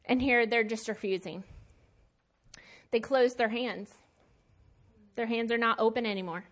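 Slightly high-voiced woman giving a casual sermon. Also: fairly even intonation, a little slow. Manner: conversational and emphatic, with plain slangy asides. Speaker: Bible teacher.

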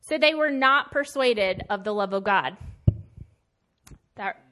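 A woman's voice: medium pitch, expressive, slow pace, fairly bright tone. A woman teaching a Bible lesson in a casual sermon style, conversational and emphatic with plain slangy asides.

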